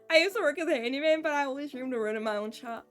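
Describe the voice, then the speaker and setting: A woman's voice: high voice, fast talker, soft background music, close to an everyday voice. A woman voicing a folksy male hardware store owner in a Southern American accent, in a video game playthrough. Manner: drawling, homespun.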